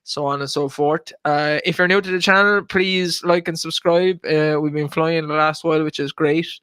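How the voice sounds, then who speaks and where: Bright, crisp-voiced Irish man hosting. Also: a little high, fairly even intonation, moderate pace, no room sound, studio quality. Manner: chatty, teasing, swears casually, lots of filler "uh". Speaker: podcast host. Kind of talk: casual chat.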